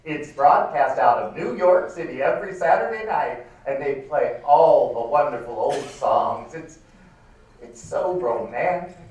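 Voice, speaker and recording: A man's voice: medium pitch, animated, a little mellow, natural voice. A man voicing a wistful romantic schoolteacher. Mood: fond, wistful. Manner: slow, fond, gushing. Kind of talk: live stage reading. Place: large performing arts hall. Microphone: far camera. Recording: echoey hall from far off.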